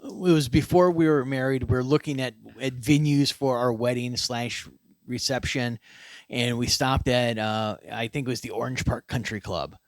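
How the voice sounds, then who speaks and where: Casting: mid-pitched male co-host, halting and repetitive, dry close recording. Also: steady tone, no echo. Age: adult, married. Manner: halting, repeats words before getting going. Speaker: podcast co-host. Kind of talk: casual chat.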